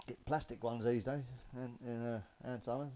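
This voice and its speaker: A man's voice: medium pitch, steady tone, brisk, mellow, poor audio. A man telling stand-up jokes, loose and chatty, chuckling at his own punchlines. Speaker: stand-up comedian.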